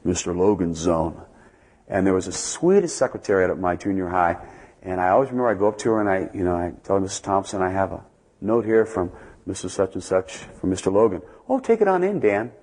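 A man preaching a sermon as a pastor, telling stories and building to loud, emphatic peaks before dropping back to quiet asides. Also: deep voice, fast. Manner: storytelling, swings from soft asides to loud emphatic climbs. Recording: long reverb of a large hall.

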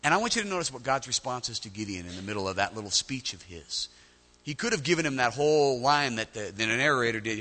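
A male pastor preaching a sermon, animated, often repeating words as he starts a phrase. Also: mid-range voice, fast talker, in a large hall.

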